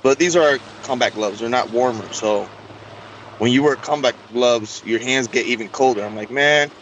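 A man being interviewed tells the host a long personal story in casual speech, animatedly acting out the quoted dialogue. His voice is medium-pitched at a moderate pace, and the audio is dull with a little hiss or hum.

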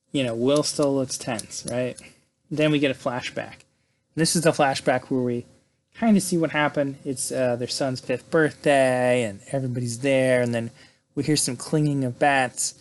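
A man in casual conversation, recounting a story in a loose, chatty way. He swears freely and keeps checking in with "right?". His voice sits at an ordinary middle pitch. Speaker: podcast host recapping a film. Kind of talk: casual retelling.

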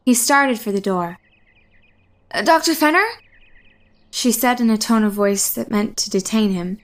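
A woman narrating a horror story in a measured, suspenseful reading. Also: medium pitch.

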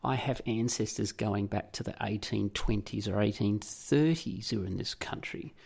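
A man's voice: lowish voice, normal speed, gravelly, a little mellow, breathy edge. An Australian man hosting a podcast, delivering an indignant, sarcastic and profane solo rant. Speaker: podcast host. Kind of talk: solo ranting monologue.

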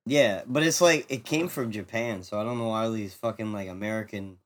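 Low voiced guy, quiet offhand talk, swears a bit, dry sound. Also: brisk, dry recording. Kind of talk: casual chat.

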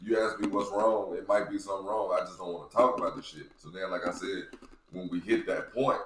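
A man's voice: low voice, fairly quick, fairly bright tone, reverberant, a little hiss or hum, poor audio. A man co-hosting a podcast, talking in a laid-back, profane casual manner. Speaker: podcast co-host. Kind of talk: casual chat.

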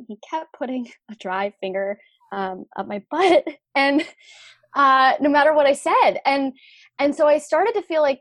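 A young adult woman telling a candid personal story, animated and frank, laughing and swearing as she goes. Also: high voice, unhurried, dry recording, clean studio sound.

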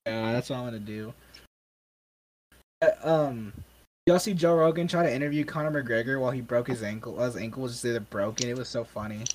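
A man's voice: medium pitch, fairly quick, noisy background. A young American man hosting a casual podcast, rambling with many fillers and restarts. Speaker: podcast host.

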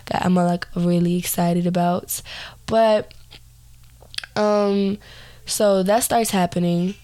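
A young woman hosting a podcast, hoarse and tired as she tells a personal story in a rambling way with lots of fillers and restarts. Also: lowish voice, a little mellow, no echo. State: hoarse, recovering voice; tired, yawning.

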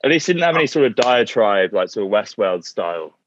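Animated man on a dull, dry mic. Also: on the low side, fairly quick. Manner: animated, critical. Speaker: podcast co-host. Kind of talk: casual film discussion.

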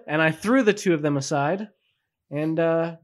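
Man, higher voice, amused, recounting rolls, tabletop player. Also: normal speed.

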